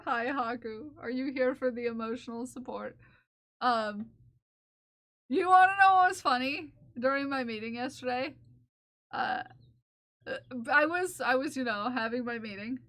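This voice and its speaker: A woman's voice: sits high, moderate pace, long pauses, a bit bright. A woman streaming live while knitting, chatting casually and playfully with her viewers and her cat, laughing often.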